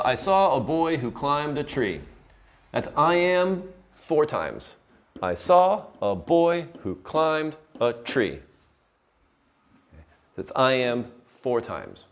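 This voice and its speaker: Slow, patient male teacher. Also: medium pitch. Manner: slow, patient, checks in with "right?". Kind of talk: classroom lecture.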